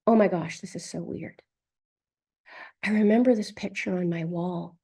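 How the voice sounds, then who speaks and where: Woman reads a distressed client, stammering, low-key gravelly tone. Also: mellow. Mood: wondering. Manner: halting, emotional, stammering. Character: adult woman client reliving infant distress.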